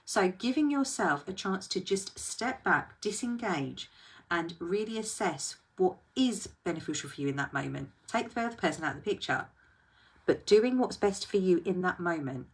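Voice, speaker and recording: A woman with a lowish, husky voice talks to the camera as a coach. She thinks aloud in an earnest way and speaks directly to the viewer. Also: animated, normal speed. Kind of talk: reflective talk to camera.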